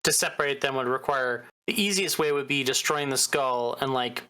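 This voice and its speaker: A man's voice: mid-range voice, moderate pace, pushed and bright, clear, resonant tone. A man running a tabletop game as game master, talking casually with restarts and fillers.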